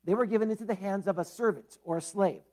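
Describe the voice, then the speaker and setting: High-voiced male pastor preaching. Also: quick pace, darkish tone. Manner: conversational, with fillers and asides. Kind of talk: sermon with prayer and scripture reading.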